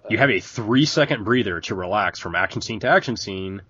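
A man with a husky, low voice trades dry, sardonic comments on a film podcast. His intonation moves a lot. The recording is dry and slightly dull. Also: lively intonation, a little fast, pushed and bright, no room sound. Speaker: podcast co-host. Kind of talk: casual film discussion.

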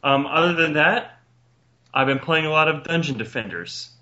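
A man's voice: on the high side, pushed and bright. A man hosting a casual podcast chat with friends over a call, joking and teasing with mock exasperation. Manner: joking, exasperated, quick to laugh. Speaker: podcast host. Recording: muffled lo-fi call audio.

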